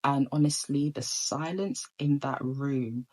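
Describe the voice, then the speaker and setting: A woman's voice: very deep voice, takes it slowly, dark tone, low-quality recording. A woman telling a personal story in a casual storytime monologue, rambling with many ums and restarts.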